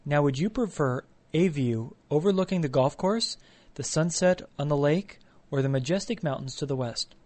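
A man's voice: on the high side, normal speed, a little mellow, natural voice. A man voicing a formal, fussy male maitre d' who keeps offering choices. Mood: courteous. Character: overly polite male restaurant maitre d'.

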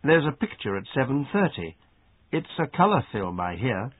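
A man reading a story and dialogues aloud for an English lesson, measured and expressive. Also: mid-range voice, husky, no room sound. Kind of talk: slow read-aloud narration. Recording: dry phone-like sound.

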